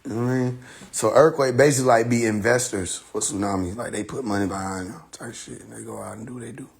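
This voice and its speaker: A man's voice: mid-range voice, fast, gravelly. Man ranting and joking on a live stream. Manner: loud joking rant, heavy profanity, laughing often. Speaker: livestream host. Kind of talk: casual livestream chat.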